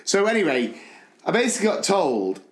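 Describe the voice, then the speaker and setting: A man, one of the podcast's hosts, telling a school story in a lively, animated way and acting out the people in it. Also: high-pitched, fairly quick, roomy sound. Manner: animated, acts out the people in his stories. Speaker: podcast co-host. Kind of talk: casual storytelling chat.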